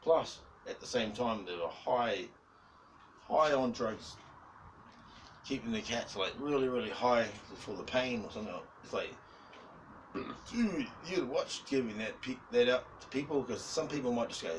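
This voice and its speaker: A man's voice: medium pitch, expressive, moderate pace. A man with a New Zealand accent chatting casually in a vlog, rambling, chuckling and swearing a lot. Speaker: vlogger. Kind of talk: casual chat. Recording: distant mic with clear background noise.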